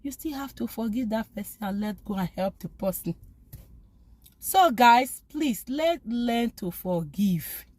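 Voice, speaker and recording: A woman's voice: a little high, animated, a little slow, a little mellow, no echo. A woman giving an informal spoken talk urging forgiveness, pleading and emphatic, often repeating phrases. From lives abroad, from back home elsewhere. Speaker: faith vlogger.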